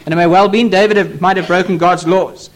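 High-voiced man preaching emphatically. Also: steady tone, fairly quick. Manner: emphatic, repetitive preaching with pleading appeals. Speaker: pastor. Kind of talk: sermon. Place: church.

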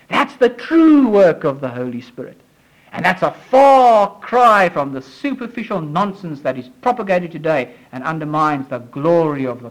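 A man delivering a sermon in a notably high voice. His preaching is fervent, rising to emphatic peaks and falling back low, with phrases repeated for weight. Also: poor audio. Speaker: pastor.

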